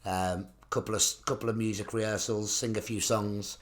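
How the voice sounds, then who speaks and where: A man's voice: fairly low pitch, flat delivery, normal speed. A man, co-hosting a casual comedy podcast, rambling and laughing at his own jokes. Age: 30s. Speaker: podcast co-host.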